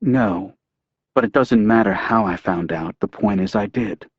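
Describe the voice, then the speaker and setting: A man's voice: fairly low pitch, unhurried, breathy edge, dry recording, highs cut off. A man reading an audiobook, voicing an angry, betrayed woman who answers curtly and coldly. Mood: cold anger.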